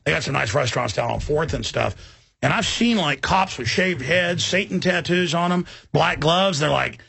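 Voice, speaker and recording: A man's voice: on the high side, normal speed, creaky, bright, forceful tone, slightly rough, no room sound. A man hosting a talk radio show, talking intensely in a rambling way with many restarts. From Texas.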